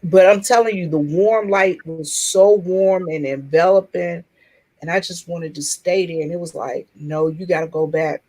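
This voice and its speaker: A woman's voice: fairly low pitch, dark tone, poor audio. Earnest woman sharing her own story. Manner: earnest and open, with halting restarts. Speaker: chat room participant. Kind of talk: personal storytelling in a casual group chat.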